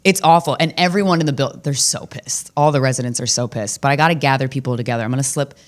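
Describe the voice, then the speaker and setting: A woman comedian hosting a podcast, telling stories in a brash, profane, animated way, with sudden loud jumps in pitch. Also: quick pace. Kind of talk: casual comedic storytelling.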